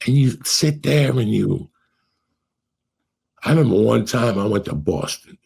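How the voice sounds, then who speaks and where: A middle-aged man hosting a podcast, telling stories in a profane, animated way and acting out what people said. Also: on the low side, a little slow, creaky, long pauses, slightly rough. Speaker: podcast host. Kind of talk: casual storytelling chat.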